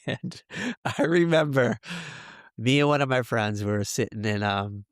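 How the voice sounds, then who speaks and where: A man's voice: medium pitch, measured pace, dry recording, studio quality. A man co-hosting a podcast, telling rambling school stories in casual chat with lots of fillers. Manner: rambling, many fillers and laughs. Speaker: podcast co-host.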